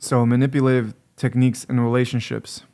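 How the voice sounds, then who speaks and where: This relationship coach talks directly to the camera in a mid-range, warm voice with a flat, slightly fast delivery. His advice is blunt, and he lectures, hammering his points home through repetition.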